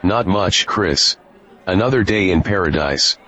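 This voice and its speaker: A man's voice: low-pitched, unhurried, faint music behind, full character voice. A man voicing a laid-back male robot bartender who chats easily with a regular. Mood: easygoing. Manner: relaxed, friendly bar talk. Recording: dull lo-fi sound with faint crowd.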